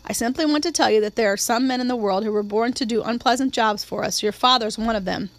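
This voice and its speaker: A woman voicing a brisk, kind, older neighbor woman who speaks crisply and firmly. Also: fairly high pitch, no room sound, natural voice.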